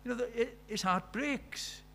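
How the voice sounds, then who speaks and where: A man with a South Welsh accent preaching a sermon, earnest, moving from loud emphasis to hushed storytelling. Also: very high voice, measured pace, slight background noise. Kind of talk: sermon with personal stories.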